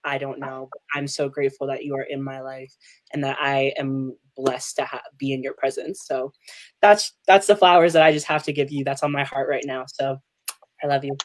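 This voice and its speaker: A woman on a video call at an online open mic, gushing excitedly and warmly about a fellow poet. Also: a bass voice, moderate pace, dry recording. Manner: gushing, excitable, laughs easily. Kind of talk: heartfelt casual praise.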